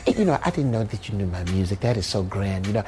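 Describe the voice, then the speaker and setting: A man doing an impression of a young male soul singer, speaking in a soft drawl full of "eh, you know" fillers. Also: on the low side, sing-song, fast, a little hiss or hum, pitched below the performer's own voice. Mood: pleased.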